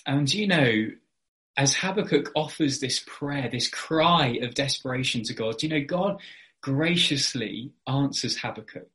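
A man's voice: medium pitch, lively intonation, a little slow, sharp tone. A man preaching an evening sermon, earnest and explanatory, with frequent fillers and restarts.

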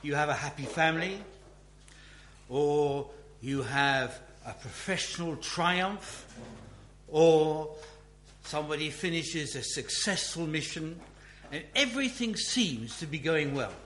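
Guy preaching real slow, thinking out loud, lots of restarts, kinda high voice. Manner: slow, musing delivery with many restarts. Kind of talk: Bible teaching talk. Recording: echoey room with faint hum.

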